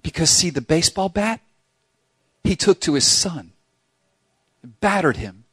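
A man preaching a sermon as pastor in a church, talking in an animated, emphatic way with lots of repetition, sometimes acting out voices. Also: fairly high pitch, normal speed, breathy edge, no room sound. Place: church sanctuary.

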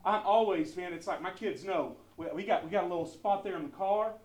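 A pastor preaching a sermon, asking the congregation questions, swinging from soft asides to loud, emphatic stretches with many fillers and repeats. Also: male voice, sits high, brisk, roomy sound, recorded from a distance. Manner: animated call-and-response preaching, asks the congregation questions; conversational with frequent fillers and repeated words.

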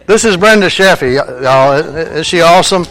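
A man's voice: a little high, animated, normal speed, a bit bright, some chatter behind, a little hiss or hum, rough recording. A man introducing a church member at a service in a folksy, encouraging way.

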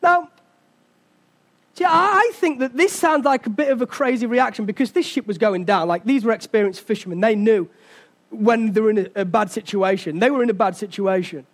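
A man's voice: high-pitched, brisk. A man preaching a sermon, telling a family story with acted-out voices and lots of casual fillers before his message. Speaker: pastor.

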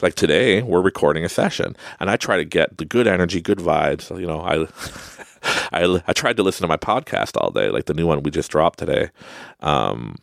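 Deep gravelly man telling rambling stories. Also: sing-song, brisk, no room sound, clean studio sound. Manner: rambling storytelling with many fillers; laughs often while telling stories. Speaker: podcast host. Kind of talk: casual monologue.

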